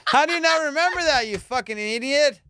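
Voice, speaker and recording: A young adult man hosting a comedy podcast, telling stories in profane, excitable casual banter. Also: very high-pitched, a little fast. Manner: profane, excitable storytelling with frequent laughs.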